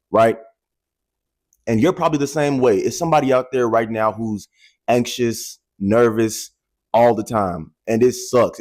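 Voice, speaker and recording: A man in his twenties, a vlogger with a medium-pitched voice, holds a microphone and talks to his audience. It's an animated, casual testimony in which he keeps repeating phrases for emphasis.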